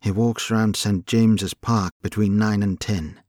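A man's voice: lowish voice, fairly even intonation, measured pace, a little mellow, no room sound, studio quality. A man voicing a curt, angry young schemer. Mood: commanding. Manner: curt, commanding. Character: angry rich young man plotting a kidnapping. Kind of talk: audiobook character voice.

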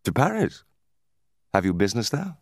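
A man's voice: fairly low pitch, very animated, normal speed, no room sound, clean studio sound, voice pushed up. A man doing a scheming, envious plotter. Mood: sly politeness.

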